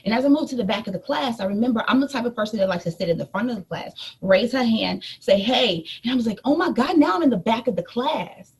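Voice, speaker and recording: A woman in her thirties, a life coach, telling a personal story in a lively motivational talk to her audience. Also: on the high side, fast talker, few pauses, husky. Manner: animated storytelling, addresses listeners as y'all.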